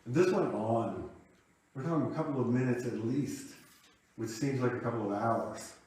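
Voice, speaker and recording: A minister in his late fifties gives a sermon built around a personal story, reflective and chatty in tone. His voice is medium in pitch and darkish, at a normal speed, picked up from a distance in an echoey church hall.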